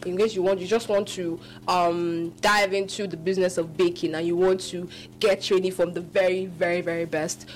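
A woman hosting a live radio call-in show, animated, often laughing and restarting her sentences. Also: on the low side, moderate pace, hardly any pauses, a little hiss or hum.

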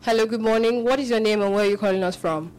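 A woman hosting a live radio call-in show, animated, often laughing and restarting her sentences. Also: fairly high pitch, quick pace.

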